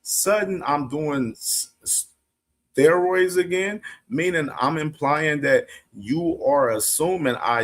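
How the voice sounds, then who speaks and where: A man's voice: a little high, expressive, a little slow. A man hosting a boxing news show, casually commenting on clips, laughing often and swearing bluntly. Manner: laid-back, laughs a lot, blunt with profanity.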